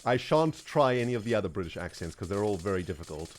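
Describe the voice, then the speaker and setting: A man's voice: lowish voice, animated, fast talker, slight background noise. A man chatting casually on his livestream, self-mocking and chatty, with plenty of fillers. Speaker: streamer.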